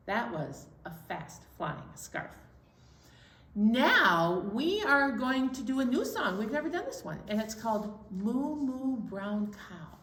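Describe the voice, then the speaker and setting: A woman leading a children's library storytime, singing simple songs and talking in a cheery, sing-song way, slow and clear for little ones. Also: fairly high pitch, sing-song, fairly bright tone. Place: library program room. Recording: echoey room, voice far from mic.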